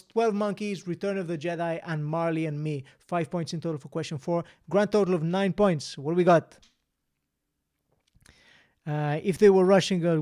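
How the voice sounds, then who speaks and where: A man's voice: a little high, a little mellow. A man hosting a casual live-stream quiz, chatting, reading out answers and scores, and laughing often. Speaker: quiz host.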